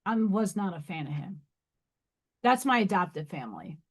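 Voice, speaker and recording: A woman's voice: medium pitch, big pitch swings, normal speed, husky. A woman in her thirties hosting a casual livestream, chatting bluntly and reading rune meanings aloud. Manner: blunt, swearing, laughing asides. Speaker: livestream host.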